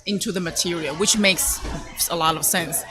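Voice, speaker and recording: A woman's voice: lowish voice, normal speed, over music. Thoughtful woman guest. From Taiwan. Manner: thoughtful, explains at length. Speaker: guest, Mandarin teacher. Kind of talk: casual interview chat.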